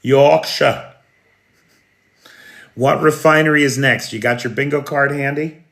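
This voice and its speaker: An American man with a bright, edged voice hosts a live news stream. He talks in a loose, chatty way, reads out viewers' comments and answers them by name, clearing his throat now and then. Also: mid-range voice, steady tone, a little slow. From United States. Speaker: livestream news host. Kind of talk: casual live chat reading viewer comments.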